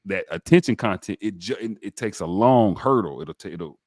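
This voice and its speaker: Man, podcast host, very deep voice, dry close sound, animated. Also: moderate pace, no echo. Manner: animated, preacher-like, addresses viewers directly. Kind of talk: enthusiastic interview talk.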